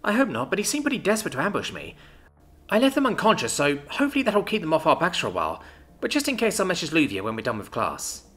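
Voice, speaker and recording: A man voicing a young, mild-mannered female mage student who speaks calmly. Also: on the high side, fast talker, pitched above the performer's own voice. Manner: calm, soft-spoken.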